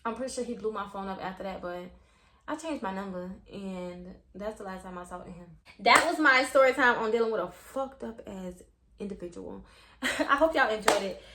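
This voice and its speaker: A young woman telling an animated, profane storytime, acting out quotes. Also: medium pitch, normal speed, echoey room, slight background noise. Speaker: vlogger. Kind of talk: storytime vlog.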